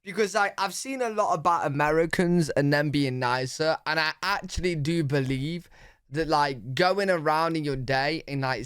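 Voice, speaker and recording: A man's voice: a little high, fairly bright tone, smooth. A British man hosting a reaction video, chatting casually and filling his talk with "like" and "you know what I mean". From United Kingdom.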